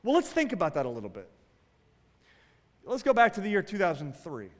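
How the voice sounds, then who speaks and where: A man preaching a sermon as a pastor, swinging between loud exclamations and quiet asides. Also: sits high, wildly swooping pitch, a little fast, in a large hall.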